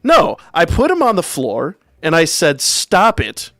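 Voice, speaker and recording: A man's voice: on the high side, wildly swooping pitch, moderate pace, fairly bright tone, no room sound, studio quality. A man hosting a livestream, telling a story in a wry, profane, casual way. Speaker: livestream host.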